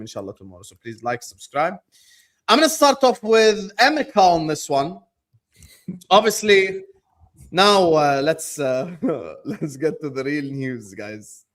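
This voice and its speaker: A man hosting a casual football chat show, joking and teasing his panel between quick shout-outs. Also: on the high side, expressive. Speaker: host.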